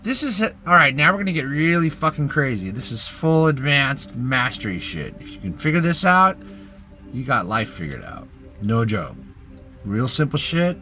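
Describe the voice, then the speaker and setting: A man's voice: mid-range voice, pushed and bright. A young man giving a rambling, profane self-help rant in a clip, hyping things up and then mumbling asides. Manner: rambling and swearing, jumping between hype and mumbling. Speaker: TikTok ranter.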